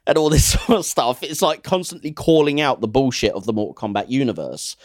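A young man co-hosting a casual film review podcast, enthusiastic and quick to laugh. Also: medium pitch, dry recording, clean studio sound. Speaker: podcast co-host.

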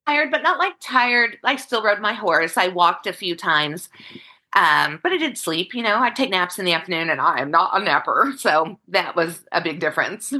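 A woman telling a personal story in an interview, candid and halting, choked up and close to tears, speaking over a video call. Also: fairly low pitch, expressive, bright, forceful tone. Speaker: guest.

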